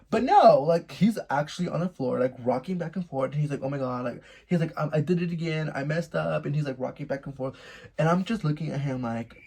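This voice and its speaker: A young man telling a story-time tale to his viewers in a casual, animated, gossipy way, laughing often and swearing freely. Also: mid-range voice, creaky, slightly rough. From Mexico.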